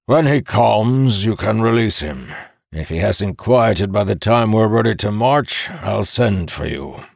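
A man's voice: fairly low pitch, animated, a little slow, gravelly, a little mellow, no room sound, clean studio sound, voice pushed up, exaggerated voice. A man voicing a cold, controlled male commander who gives firm orders. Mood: commanding.

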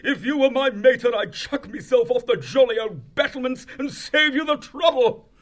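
A blustering posh old hare. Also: male voice, extremely high pitch, normal speed, fairly bright tone, voice pushed up. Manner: plummy, exclamatory.

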